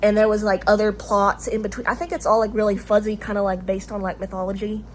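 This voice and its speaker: At a quick pace and with little pitch movement, a mid-range-voiced vlogger with a Southern US accent talks to her own camera. She rambles casually, hesitant and prone to restarts and fillers.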